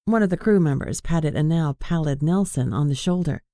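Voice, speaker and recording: A man reading an audiobook in an even, measured narration. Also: on the high side, no room sound, studio quality. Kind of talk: scripted narration.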